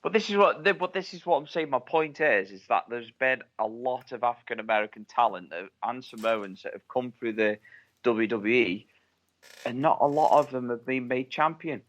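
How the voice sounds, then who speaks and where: A man's voice: mid-range voice, moderate pace, fairly bright tone, highs cut off. A man co-hosting a podcast, chatting casually with blunt, sweary opinions. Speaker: podcast co-host. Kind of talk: casual wrestling chat.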